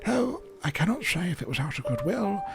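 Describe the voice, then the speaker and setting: A preachy old village pastor. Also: male voice, sits high, big pitch swings, fairly quick. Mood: chiding. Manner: gentle, preachy and scolding. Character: pious older male village pastor. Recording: game audio with loud music.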